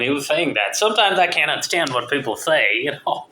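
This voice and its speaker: A man's voice: a little high, expressive, moderate pace, sharp tone, a little hiss or hum. Man, non-native speaker, slight Southern American accent, profane, digressive, echoey room. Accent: mixed, partly American Southern. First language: not English. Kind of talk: rambling monologue.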